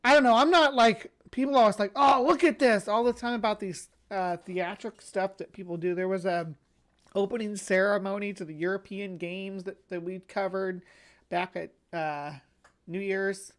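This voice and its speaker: A woman's voice: medium pitch, normal speed. A woman co-hosting a casual commentary show, making sarcastic asides about a clip. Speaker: co-host. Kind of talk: casual commentary on a played video.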